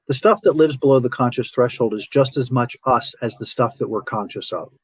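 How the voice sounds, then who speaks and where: A man's voice: mid-range voice, slightly rough, dry recording, low-quality recording. A man hosting a podcast, talking casually and animatedly, acting out his inner voice and repeating words for emphasis. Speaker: podcast host. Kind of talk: casual spiritual talk.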